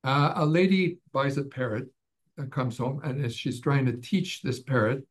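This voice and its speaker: A man's voice: mid-range voice, normal speed. An older man, a podcast guest and author, genially telling a humorous story in casual chat.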